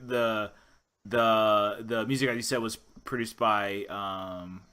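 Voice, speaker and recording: With a fairly low, sharp voice, this podcast host speaks slowly and steadily in a casual interview chat, while a little hiss or hum sits in the background. His talk wanders, full of restarts and "you know."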